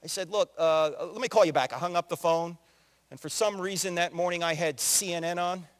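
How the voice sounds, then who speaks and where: A man in his sixties from New Jersey giving an animated, joking story-driven talk as a conference speaker, acting out quotes in other voices. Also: high voice, a little fast. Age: 60s. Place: large hall with audience. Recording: long hall reverb.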